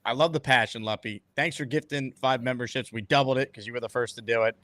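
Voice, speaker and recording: A man hosting a casual sports talk show, talking in a quick, upbeat, conversational way. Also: medium pitch, fairly even intonation, fairly bright tone, no room sound. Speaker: sports radio host.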